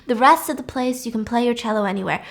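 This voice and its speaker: A woman voicing a calm, controlling older male music teacher in a low, quiet, measured voice. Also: lightly acted. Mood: coaxing.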